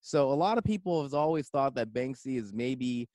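A man's voice: mid-range voice, lively intonation, normal speed, darkish tone, no room sound. A man hosting a casual video-call podcast, laid-back and saying "man" and "basically" constantly. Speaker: podcast host. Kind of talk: casual chat.

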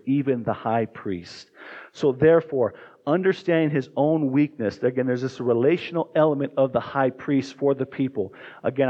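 A man's voice: medium pitch, a little mellow. A male pastor preaching a sermon in a conversational way and often asking the congregation questions. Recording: dull lo-fi recording.

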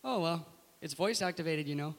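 A man's voice: a little high, brisk, vocal fry. A man voicing a straight-faced male kiosk worker at a train station, dry and understated. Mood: deadpan. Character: deadpan adult man working a train kiosk. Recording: echoey room with faint hiss.

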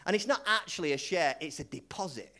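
Here a man preaches with a fairly high, pushed, bright voice, animated and a little fast. He's a pastor giving a sermon casually and repetitively, with plenty of restarts, calling out to the congregation and drawing responses back.

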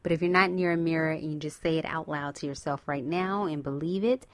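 A woman's voice: deep voice, fairly even intonation, brisk. A woman hosting a podcast and giving a casual, encouraging motivational talk, using with bursts of whoops and laughter. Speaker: podcast host.

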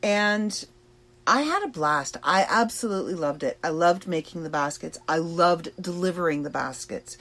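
A woman hosting a podcast, talking slowly and thoughtfully about personal struggles with pauses and fillers. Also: sits low. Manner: slow, reflective and emotional, with pauses and fillers. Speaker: podcast host. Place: trailer in a backyard.

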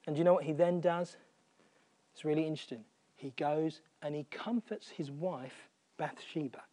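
A man preaching a sermon, earnest, repeating phrases for emphasis and dropping almost to a whisper on quiet points. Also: a little high, moderate pace.

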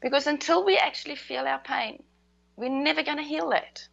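An Australian woman with a high, gravelly voice, talking earnestly about her method as a grief coach. The sound is dull and lo-fi. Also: fairly quick, a bit bright. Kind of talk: explaining her program in an interview.

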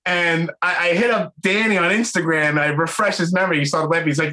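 This is a man, hosting an interview podcast and chatting in a loose, storytelling way. His voice sits a little high and sounds bright and forceful. He swears casually and gets animated as he recounts stories. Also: moderate pace, hardly any pauses, low-quality recording. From New York. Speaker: podcast host.

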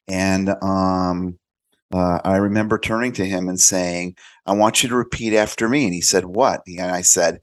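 A man as a podcast guest telling animated stories in casual chat, acting out quoted voices. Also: fairly low pitch, normal speed.

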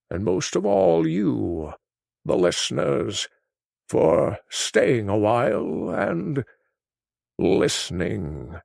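A man's voice: fairly high pitch, vocal fry, no echo, clean studio sound, heavily acted. A voice actor playing a grumpy old male sage in a comic sketch, theatrical and indignant. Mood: grand. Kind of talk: comedic phone-in sketch.

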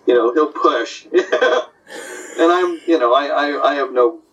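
A man who works as an animation story artist, chatting casually and telling animated anecdotes. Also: mid-range voice, unhurried. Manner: animated storyteller, slips into character voices. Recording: distant, dull lo-fi audio.

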